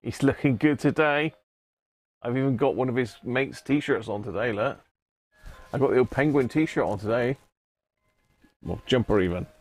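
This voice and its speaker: A man's voice: medium pitch, normal speed, pauses often, darkish tone. A man hosting a casual livestream, chatting with viewers and greeting them by name, laughing often. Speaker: livestream host. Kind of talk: casual live chat with viewers.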